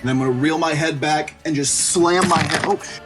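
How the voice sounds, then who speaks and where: A man's voice: fairly high pitch, steady tone, brisk, music in the background. A man with a headset, a player in an online tabletop game, eagerly describing his character's attacks in vivid detail.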